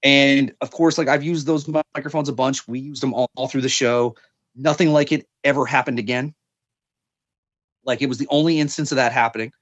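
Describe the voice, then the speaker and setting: A man's voice: medium pitch, fairly even intonation, brisk, a bit bright, dry recording, dull audio. Young guy rambling through a spooky story on a podcast, um and like everywhere, dead dry mic. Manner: rambling, many fillers and restarts. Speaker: podcast guest. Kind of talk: casual storytelling.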